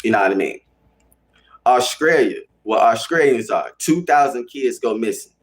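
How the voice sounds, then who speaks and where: Speaking at a normal speed with a medium-pitched, slightly rough voice, a young livestream host with a Chicago accent chats casually with his viewers. He's slangy and animated, and he repeats things for emphasis.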